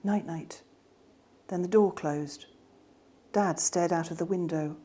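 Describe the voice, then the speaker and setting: A woman reading her children's novel aloud in a gentle, expressive way. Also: on the low side, unhurried. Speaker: author reading her book.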